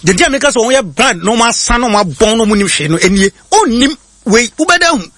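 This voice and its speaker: A man with a Ghanaian accent preaching in a husky voice that sits high and swoops widely in pitch. He reads quoted lines slowly, then rushes into his explanations with plenty of hesitations. The sound is dry and close. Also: sing-song, a bit bright, dry recording. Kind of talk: sermon-style teaching, mixing English and Twi.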